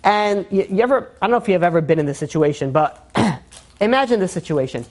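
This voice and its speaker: A man, a rabbi, telling a story in a sermon with lively energy, acting out the people in the tale and filling his talk with fillers and restarts. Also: sits high, a little fast.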